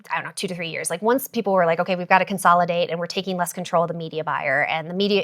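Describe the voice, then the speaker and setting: A woman guest on a podcast, explaining ad and growth strategy in a brisk, jargon-heavy way with frequent fillers. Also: fairly low pitch, fairly bright tone. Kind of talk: casual podcast interview.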